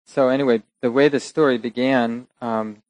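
A man giving a relaxed dharma talk, telling a teaching story with soft asides and small laughs. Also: mid-range voice, normal speed, no echo, low-quality recording.

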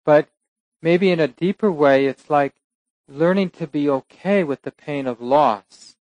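A man giving a relaxed dharma talk, telling a teaching story with soft asides and small laughs. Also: fairly high pitch, measured pace, no echo, muffled recording.

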